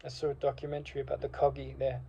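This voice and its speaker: A man's voice: mid-range voice, completely flat delivery, racing, gravelly, dark tone, muffled recording, slight background noise. A man delivering an impassioned, rambling monologue with many fillers and restarts. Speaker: speaker. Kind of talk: reflective monologue. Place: university degree course alumnus, speaking informally.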